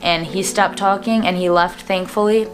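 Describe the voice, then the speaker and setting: Young woman in her twenties, vlog storytelling, earnest, casual fillers, lowish voice, faint music behind. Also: fairly even intonation, moderate pace. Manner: earnest, plain-spoken, with frequent fillers. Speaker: vlogger. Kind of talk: personal storytelling to camera.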